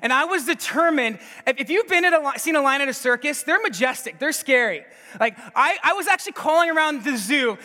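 A man preaching a sermon, energetic and laughing, with frequent stammered restarts. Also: extremely high pitch, fairly quick, few pauses, big-room sound. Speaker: pastor and Bible teacher.

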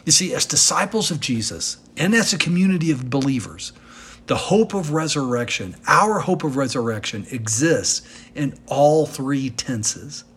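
A man's voice: on the high side, big pitch swings, moderate pace, a bit bright, husky. A male pastor delivering an earnest, emphatic sermon, asking the congregation rhetorical questions as he preaches.

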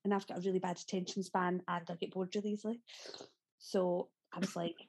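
A woman's voice: on the low side, level tone, brisk, darkish tone, husky. A Scottish woman in her thirties with a Glaswegian accent, an actress telling stories in a casual podcast interview, chatty, laughing often and swearing freely. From Scotland. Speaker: guest actress.

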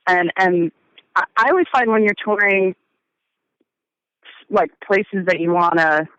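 A woman's voice: medium pitch, a little slow, a bit bright, clean tone, no room sound, muffled recording. A woman musician chatting as an interview guest, meandering and hesitant, often trailing off mid-thought. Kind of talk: casual interview chat.

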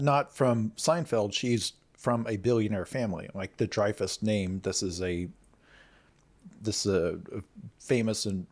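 A man with a fairly low voice chats about films on a podcast. He muses aloud, restarts his sentences and drops blunt opinions along the way. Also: darkish tone. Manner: musing, opinionated, lots of restarts. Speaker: podcast panelist. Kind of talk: casual movie chat.

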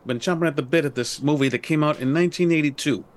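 A man in his fifties co-hosting a podcast, emphatic, stubborn and excitable in casual chat. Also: on the high side, quick pace. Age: 50s. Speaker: podcast co-host.

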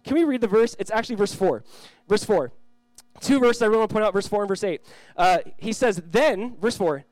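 A male pastor delivers an earnest sermon in a fairly high voice. He swings between loud emphasis and hushed pleading and slows down to read scripture. The recording is close and dry. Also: animated, no echo. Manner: reads scripture aloud slowly.

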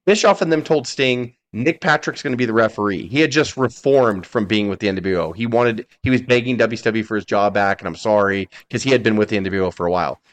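A man's voice: fairly low pitch, fast talker, few pauses. A man co-hosting a wrestling podcast who rants with emphasis and heavy swearing while retelling events. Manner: ranting, profane, emphatic storytelling. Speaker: podcast co-host. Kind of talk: heated casual chat.

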